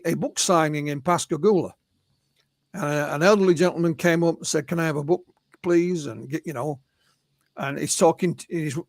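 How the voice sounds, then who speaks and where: English man, interview guest, high voice and dry sound, chatty storyteller with lots of uhs. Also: no echo. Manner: recounts witness stories, quoting them in his own voice, with many fillers and restarts. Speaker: interview guest, UFO researcher. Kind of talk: conversational storytelling.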